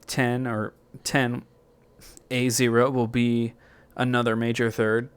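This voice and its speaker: A man hosting a music software tutorial, thinking aloud in a loose, rambling way with plenty of fillers and self-corrections. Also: medium pitch, level tone, slow pace, a little hiss or hum.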